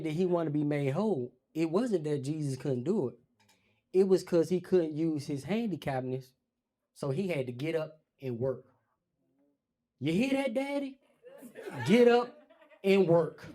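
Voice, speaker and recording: A man's voice: fairly high pitch, normal speed. A man doing stand-up storytelling on a comedy stage, acting out quotes in a raised voice. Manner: animated, acts out quotes in raised voice.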